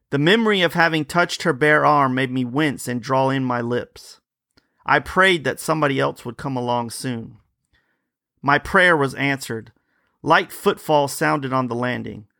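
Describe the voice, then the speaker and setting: A man hosting a podcast, reading an old ghost story aloud in a measured, dramatic way on a close microphone. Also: mid-range voice, creaky, bright, forceful tone, no room sound. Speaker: podcast host, reader.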